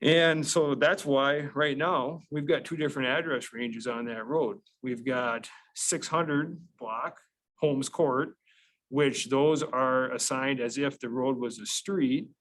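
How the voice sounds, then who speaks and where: A man's voice: mid-range voice, steady tone, slow, fairly bright tone, slight background noise, rough recording. A man on county staff explaining an address change to a committee in a methodical way, with frequent fillers and restarts. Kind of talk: public meeting explanation.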